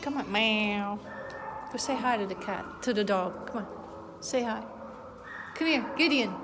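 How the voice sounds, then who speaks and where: A woman's voice: medium pitch, unhurried. A woman in casual chat, giving a dog short commands and cooing sweet baby talk at it. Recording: noisy room recording.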